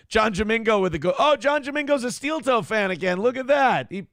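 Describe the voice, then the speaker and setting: A man with a high, gravelly voice hosts a live morning show, tearing into the news in a blunt, profane rant. The sound is dry and close, with no room around him. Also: animated, fairly quick, a bit bright, no echo. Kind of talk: live show commentary reacting to news and chat.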